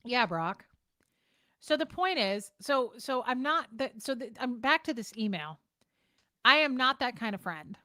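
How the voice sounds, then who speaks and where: On the high side and pushed, bright, with lively intonation, this woman's voice leads a casual livestream from home. She addresses viewers in a blunt, profane, rapidly shifting manner, with no room sound.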